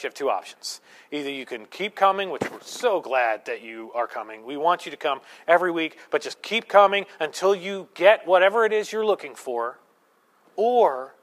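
A man's voice: fairly high pitch, fairly bright tone. A man preaching a sermon to his congregation in a conversational way, with joking asides and acted-out quotes. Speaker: pastor.

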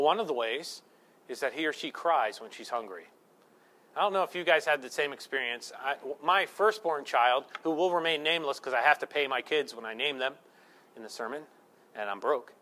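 A man in his thirties, a pastor preaching a sermon with lively storytelling and self-deprecating humor, swinging between loud emphasis and hushed asides. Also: mid-range voice.

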